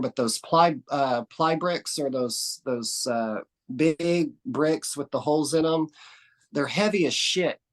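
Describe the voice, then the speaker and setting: A man from Texas, a podcast guest in a casual conversation who tells meandering stories with frequent restarts and casual swearing. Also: a little high. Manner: rambling storyteller, restarts and trails off often.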